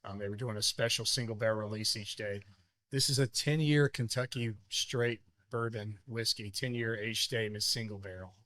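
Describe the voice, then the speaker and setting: A man's voice: on the low side, normal speed, no room sound. Man chatting casually about whiskey. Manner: relaxed, rambling, many ums. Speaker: podcast co-host. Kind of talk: casual chat.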